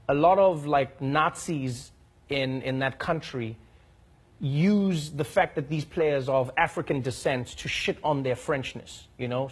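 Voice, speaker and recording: Man, comedy host, monologue, husky, a little high, punchline-driven. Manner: joking, building up to punchlines.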